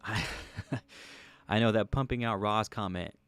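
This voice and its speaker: A man's voice: on the low side, slow, fairly bright tone. A man hosting a livestream, chatting casually and jokingly as he reads out viewer comments. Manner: laid-back, joking, thinking aloud. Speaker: livestream host.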